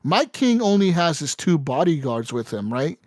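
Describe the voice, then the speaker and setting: A man's voice: a little high, very animated, normal speed, dry recording, clean studio sound. A man hosting a podcast in casual chat, telling a story animatedly, swearing often and saying "right?" and "like" a lot. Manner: many fillers like "right?" and "like". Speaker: podcast host.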